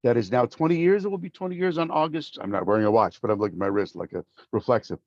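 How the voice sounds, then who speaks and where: A middle-aged male voice actor telling stories as an interview guest, lively and acting out quoted voices. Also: medium pitch, fast talker, no room sound, highs cut off. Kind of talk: casual interview storytelling.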